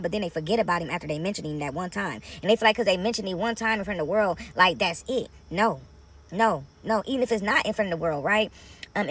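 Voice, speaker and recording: A husky, slightly bright, low-leaning female voice delivers a casual, preachy faith talk to camera from inside a parked car. The vlogger hammers points home by repeating phrases and calls listeners honey and baby.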